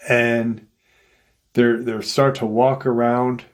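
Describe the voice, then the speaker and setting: The story of an unsettling encounter unfolds slowly from a man on his channel, who speaks at a medium pitch in a level tone. He rambles casually and performs the voices of those he quotes.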